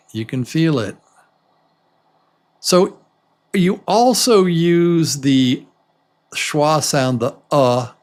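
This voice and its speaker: A man teaching English pronunciation to beginners. He repeats each word slowly and clearly and talks straight to the learners to encourage them. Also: medium pitch. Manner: drills words slowly, repeating them many times. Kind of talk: slow, repetitive pronunciation lesson.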